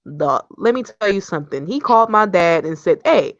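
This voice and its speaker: A woman's voice: fairly low pitch, expressive, brisk, dry recording. A young woman in casual online chat, defending herself bluntly and swearing freely. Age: young adult. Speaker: guest. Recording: dry, slightly dull stream audio.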